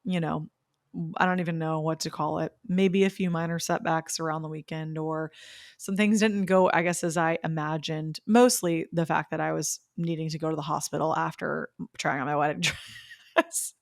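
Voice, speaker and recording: A woman's voice: deep voice, fairly even intonation, normal speed, gravelly, dry recording, studio quality. A young woman hosting her own podcast, casually telling a personal story in a bubbly, gushing way with bursts of laughter. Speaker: podcast host. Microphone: podcast microphone.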